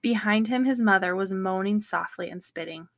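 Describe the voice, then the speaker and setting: A woman co-hosting a podcast, reading a true-crime book excerpt aloud in a steady, measured way on a close studio mic. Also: medium pitch, no room sound. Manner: steady, measured storytelling read. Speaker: podcast co-host.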